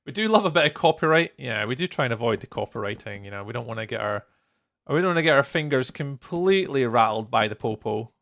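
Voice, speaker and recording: A Scottish man in his young adult years talks loosely to his live-stream chat, greeting viewers by name and laughing often. His voice has a gravelly, creaky edge, and his pitch swings widely, lively up and down. He sounds close to the mic. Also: fast. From Scotland.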